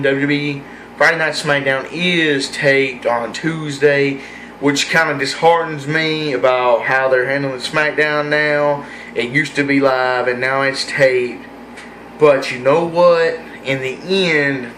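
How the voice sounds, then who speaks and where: A man rambling through an opinionated, excitable casual review of a wrestling show. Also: fairly high pitch, reverberant, slight background noise. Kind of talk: casual solo review vlog.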